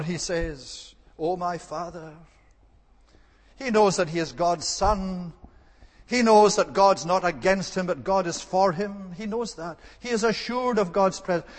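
A man's voice: high-pitched, big-room sound. A man preaching an earnest, emphatic sermon and repeating his key words for stress.

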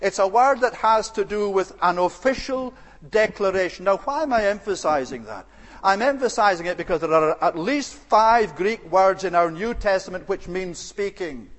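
A male preacher delivering a sermon in an earnest, deliberate way, with hesitant fillers now and then. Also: high-pitched, animated, long reverb tail.

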